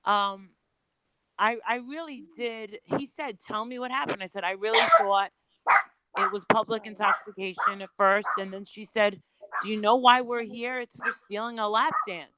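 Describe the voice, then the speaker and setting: A woman's voice: mid-range voice, steady tone, normal speed, pushed and bright, poor audio. A woman on a remote call, telling a personal story as a panel guest in a candid, chatty way with some swearing.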